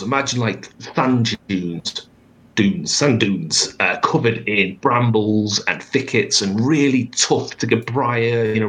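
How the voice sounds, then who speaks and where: A man's voice: medium pitch, a bit bright, rough recording. A man narrating as game master over a video call, with a wry, rambling delivery and plenty of fillers. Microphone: computer mic on a video call.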